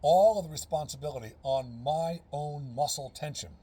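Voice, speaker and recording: A man's voice: on the high side, moderate pace, warm tone, husky. A man in a casual instructional vlog, explaining earnestly step by step and repeating his key phrases. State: out of breath. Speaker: fitness and breathing instructor.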